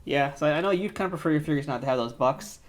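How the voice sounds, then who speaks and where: A man's voice: on the high side, fast talker. A young adult man co-hosting a toy review show, chatting casually and with enthusiasm.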